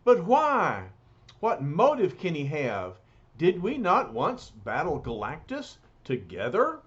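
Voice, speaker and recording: Weary noble cosmic hero done by a man, formal wording, slow delivery, muffled recording. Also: on the high side, huge pitch swings, heavily acted. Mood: solemn. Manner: lofty, formal, solemn speech. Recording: dull lo-fi recording.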